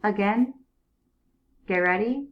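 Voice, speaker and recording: A woman teacher leading a young class through sounding out words, giving slow, clear, repeated cues. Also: mid-range voice, muffled recording, soft background music. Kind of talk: early reading lesson for young students.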